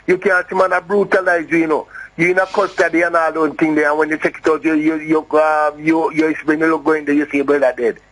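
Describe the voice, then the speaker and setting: A man's voice: a little high, little pitch movement, fairly quick, a bit bright, rough recording. A man with a Jamaican accent calling a radio show, talking in a rambling, heated way and repeating himself. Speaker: caller. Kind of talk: phone-in call.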